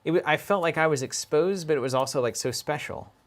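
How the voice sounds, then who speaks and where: A man's voice: fairly high pitch, fast talker. A man co-hosting a card game stream from an office, chatting casually, laughing often and reading viewer comments aloud.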